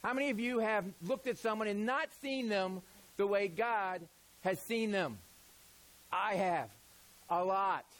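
A man preaching a sermon as a pastor, asking rhetorical questions, stretching out key words for emphasis and often dropping to a low, quiet voice mid-point. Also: a little slow, rough recording.

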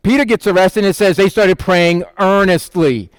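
A man preaching in a conversational style, asking the listeners questions and acting out quotes in quick voices. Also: high voice, no room sound. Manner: asks the listeners questions and answers them. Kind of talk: conversational Bible teaching.

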